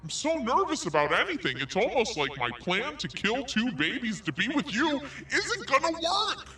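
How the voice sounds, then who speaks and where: A man's voice: very high voice, wildly swooping pitch, moderate pace, pushed and bright, full character voice. A man reading as a whiny self-pitying woman. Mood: whiny, dramatic. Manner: dramatic, whiny, self-absorbed. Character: self-pitying woman writing anguished texts. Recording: echoey, distant, with faint music.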